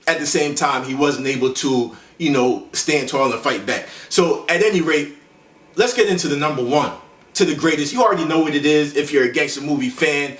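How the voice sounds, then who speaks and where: A man hosting a laid-back movie countdown. He rambles in street slang, full of fillers and self-corrections, at a slightly high pitch. He sits well back from the mic in a roomy, echoing space. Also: brisk, fairly bright tone. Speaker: host. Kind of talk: casual movie countdown commentary. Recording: echoey room, voice far from the mic.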